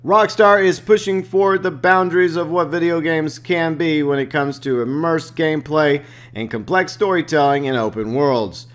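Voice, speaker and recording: A man who runs a gaming channel, reading out game previews and adding excitable, joking asides. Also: on the high side, normal speed. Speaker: gaming YouTuber.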